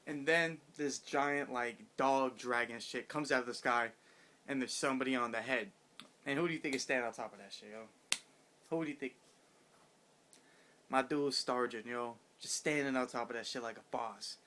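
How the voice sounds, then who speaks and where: A man's voice: mid-range voice, moderate pace. Brief: male reviewer, hyped and rambling, swears a lot, heavy slang. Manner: excited, profane, rambling with slang. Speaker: manga chapter reviewer. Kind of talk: casual chapter review.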